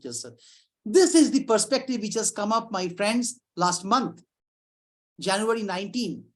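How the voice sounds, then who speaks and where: Lively woman lecturing. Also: on the low side. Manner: lively, conversational, frequent restarts and asides. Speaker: psychiatrist giving a talk. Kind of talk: informal lecture presentation.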